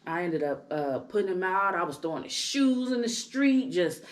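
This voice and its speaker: Woman, thirties, co-host telling a candid personal story; lower-pitched, lively delivery that climbs when heated, peppered with "right?". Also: normal speed, slight background noise. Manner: animated, rising loud and high when worked up; tag questions, frequent "right?". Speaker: podcast co-host. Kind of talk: candid storytelling in casual chat.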